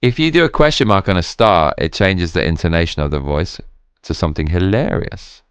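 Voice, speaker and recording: A man's voice: deep voice, animated, brisk, smooth, no room sound. A man streaming a game, talking casually to his chat while drunk, rambling and swearing.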